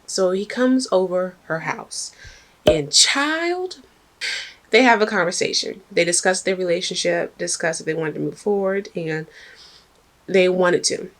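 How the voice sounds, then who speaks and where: Woman, lowish voice, animated casual storytelling straight to camera. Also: a little slow. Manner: chatty, animated, addresses viewers directly.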